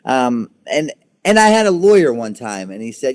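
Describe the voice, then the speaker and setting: A man's voice: mid-range voice, very animated. A man in his thirties, a guest in an interview, telling his own story frankly, often stumbling over repeated words before driving a point home. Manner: halting, repeats words, then intense and emphatic.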